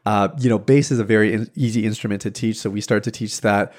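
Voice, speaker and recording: A man hosting a podcast, telling a casual story with lively delivery, many restarts and filler words, acting out other people's lines and laughing easily. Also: on the low side, quick pace. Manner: animated, acts out quoted voices, laughs easily. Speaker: podcast host.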